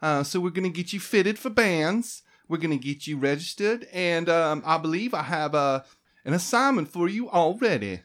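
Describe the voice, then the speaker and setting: A cheery, patronizing desk clerk woman, as a man puts her on, pitched up high and bouncing around with polite little fillers. She sounds businesslike and sweet, with a faint talking-down edge. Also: lively intonation, moderate pace, lightly acted. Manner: chirpy, polite, with hesitant fillers. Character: friendly, condescending human woman clerk. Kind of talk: tabletop role-play character voice.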